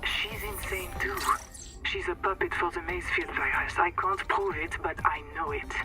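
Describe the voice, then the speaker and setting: An actor playing a stern expedition leader who speaks in a clipped, hushed, guarded way in a game cutscene. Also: male voice, high voice, normal speed, faint music behind. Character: stern man leading a troubled expedition.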